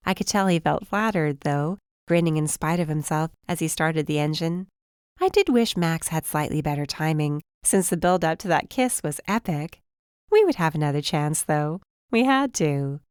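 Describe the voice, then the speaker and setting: A woman reading a first-person mystery audiobook in a measured, even storytelling manner. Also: low voice, clean tone, no echo, clean studio sound. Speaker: audiobook narrator.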